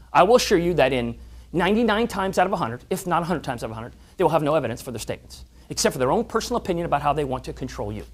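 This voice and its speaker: A man giving a motivational talk to a club audience, acting out voices in his stories. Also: sits high. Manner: animated, acts out quoted voices and stories. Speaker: motivational speaker. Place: club meeting room.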